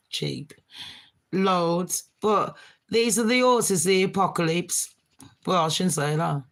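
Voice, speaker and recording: A woman's voice: fairly low pitch, takes it slowly. A woman from Jamaica with a mixed Birmingham and Jamaican accent, hosting a casual livestream and chatting back at viewer comments. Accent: Birmingham English with a Jamaican touch. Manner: chatty, laughs often, answers comments. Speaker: livestream host reading chat.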